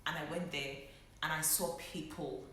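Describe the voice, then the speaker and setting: A woman's voice: low-pitched, steady tone, normal speed, fairly bright tone, slight background noise. A young woman, a doctor, telling her own story in a reflective way and holding back emotion. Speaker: medical doctor. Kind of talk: personal vlog storytelling. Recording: very echoey room.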